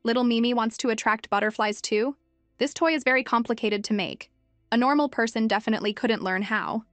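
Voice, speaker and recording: A woman's voice: on the high side, brisk, fairly bright tone, no echo, faint music behind, lightly acted. A woman voicing a spiteful little girl who puts on a syrupy sweet, mocking manner.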